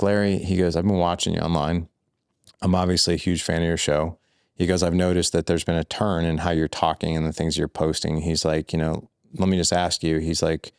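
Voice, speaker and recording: A man with a very low voice and a gravelly edge, sitting as a podcast guest. He tells his story loosely and candidly, repeating "like" and "I was like". The sound is dry and close. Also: darkish tone, no room sound. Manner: loose and repetitive, full of "like" and "I was like". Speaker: podcast guest, fatherhood coach.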